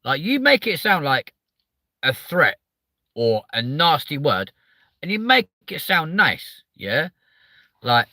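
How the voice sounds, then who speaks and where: A man's voice: fairly high pitch, sing-song, slow pace, long pauses, sharp tone, no echo. A man with a southern English accent hosting a live stream, chatting casually, swearing a lot and sounding hyper as he reads out viewer comments. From southern England.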